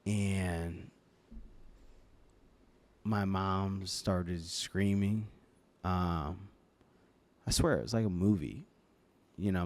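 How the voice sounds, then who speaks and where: Low and a bit dark in tone, a young man's voice comes through a podcast microphone in a studio setting. He's a guest in a casual interview, telling his own story haltingly, full of filler words and restarted sentences.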